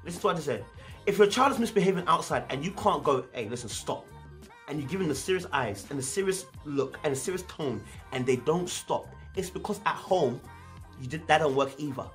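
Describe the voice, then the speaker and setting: A London-accented man reviews a show with casual, animated commentary, dropping into slang and imitating parents. His voice is on the high side and brisk, with faint music behind him.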